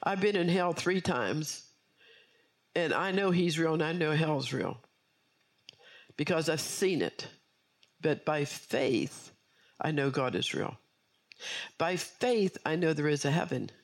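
A woman's voice: low voice, expressive, unhurried, pauses often. A woman preacher delivering an earnest sermon with personal testimony, repeating key phrases for emphasis.

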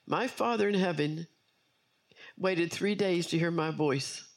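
A woman's voice: lowish voice, measured pace. A woman preacher delivering an earnest sermon with personal testimony, repeating key phrases for emphasis.

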